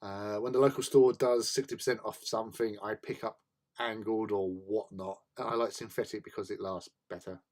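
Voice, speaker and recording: A man's voice: on the low side, steady tone, moderate pace, a little mellow. A man hosting a casual hobby stream, chatting and answering viewers while he builds models. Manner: chatty, reads out and answers chat, jokey asides.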